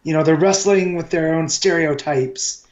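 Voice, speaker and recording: A man co-hosting a casual TV review podcast, amused and quick to chime in. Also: on the high side, dull audio. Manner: amused, chiming in with quick agreement. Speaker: podcast co-host.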